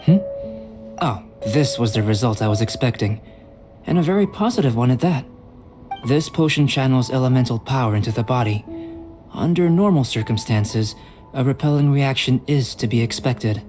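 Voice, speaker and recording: A man voicing a calm, composed young alchemist in a video game, measured and gently lecturing. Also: mid-range voice, lightly acted. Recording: game audio with clear music behind. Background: game music.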